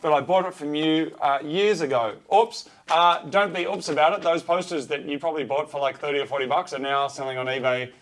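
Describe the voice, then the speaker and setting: A man with a slightly higher-than-average voice trades dry jokes with his co-host on a car podcast. He talks casually, stalling often on uh and um. His humor stays deadpan and understated. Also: brisk, hardly any pauses. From Australia. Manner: dry, joking, lots of uh and um fillers. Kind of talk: casual banter.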